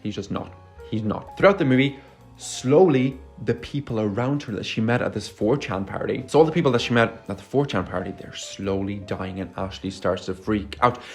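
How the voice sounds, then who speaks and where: A man's voice: on the low side, lively intonation, normal speed, soft background music. A man giving a casual movie review, sarcastic and exasperated, swearing often. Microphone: phone.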